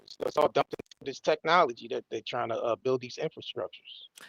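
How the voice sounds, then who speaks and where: A man's voice: medium pitch, a little fast, creaky, fairly bright tone, no room sound. A man in casual political talk, agreeing and restarting his sentences often. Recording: dull lo-fi mic.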